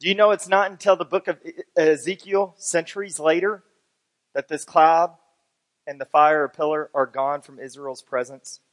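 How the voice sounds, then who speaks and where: A pastor delivering a sermon in a notably high, bright male voice. He reads scripture passages aloud, then works through them for his listeners, building from a steady teaching tone into fervent preaching. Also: normal speed.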